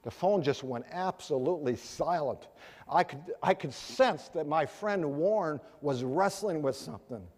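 Earnest male preacher with a high voice, heard with long hall reverb. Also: animated, a little slow, a little mellow, slightly rough. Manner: earnest, rhetorical questions to the audience. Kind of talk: sermon.

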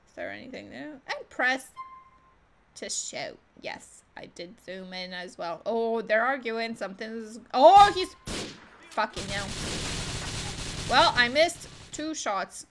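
A young woman commenting on her gameplay in a chatty, excitable way, swearing often. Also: on the high side, slow, a little hiss or hum. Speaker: gaming video host. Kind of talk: live gameplay reaction commentary.

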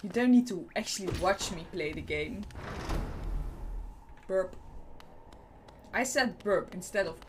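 Slow-talking Dutch woman streamer. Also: mid-range voice, animated, a little hiss or hum. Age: young adult. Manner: playful, chatty, self-mocking. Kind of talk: casual gameplay commentary. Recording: music playing behind.

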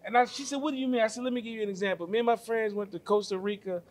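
Man, high voice, podcast co-host, storytelling, casual group talk. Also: steady tone, very fast. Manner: storytelling, retelling conversations with quoted lines.

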